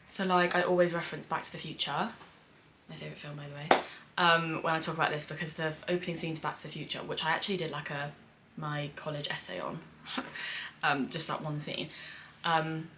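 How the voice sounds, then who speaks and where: Speaking briskly in a low voice, a young British screenwriter chats about a show she's reacting to, rambling with lots of fillers and swearing. She's at home on a hot day with the windows open, and the background is noisy.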